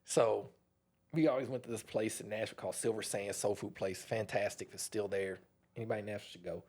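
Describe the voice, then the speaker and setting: A man, a dentist guest on an interview show, telling a story in a casual, animated way. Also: lowish voice, quick pace, husky. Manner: animated, acts out others' voices.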